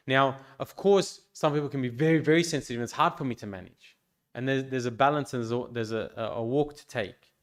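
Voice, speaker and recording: Man priest chatting with a youth group, soft and thoughtful, lots of ums and restarts. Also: medium pitch. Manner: gentle, reflective, frequent restarts and fillers. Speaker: priest leading a youth meeting. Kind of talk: informal pastoral talk. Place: church hall.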